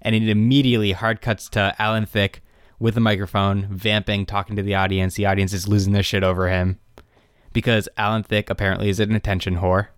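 A man's voice: fairly low pitch, fairly quick, smooth, dry recording, clean studio sound. Young man animatedly recapping a show. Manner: animated retelling, quotes characters in raised voices. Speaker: podcast co-host recapping a show. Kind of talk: casual chat.

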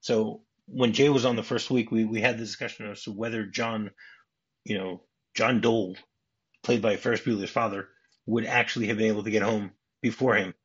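Male podcast guest, husky voice, rambling retelling, dull lo-fi audio. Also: lowish voice, steady tone, brisk. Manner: rambling, with frequent restarts, acting out quoted lines. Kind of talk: casual podcast chat recounting a film script.

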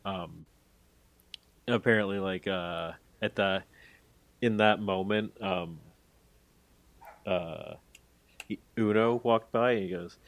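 This low-voiced man co-hosts a podcast and, in a casual chat, recaps a story slowly, pausing often. He hedges and rambles, leaning on plenty of filler words.

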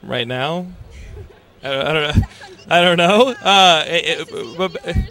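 A male host trading playful jokes with fans on a busy convention floor. His voice sits a touch on the high side, and he keeps the banter loose and teasing. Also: slow pace, sharp tone. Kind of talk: casual joking interviews on a convention floor.

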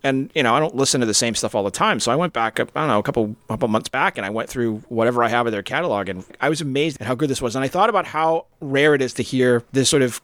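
A man's voice: mid-range voice, quick pace, hardly any pauses, no room sound. A man co-hosting a podcast in casual chat, telling stories with lots of laughter and acting out quotes. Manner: animated storyteller, acts out quotes, laughs often. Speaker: podcast co-host.

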